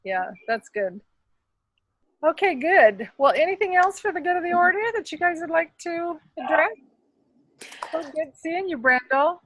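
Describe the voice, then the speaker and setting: A middle-aged woman hosting a casual team video call, chatty and quick to laugh as she tells stories. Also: very high-pitched, expressive, fairly bright tone, no echo, rough recording.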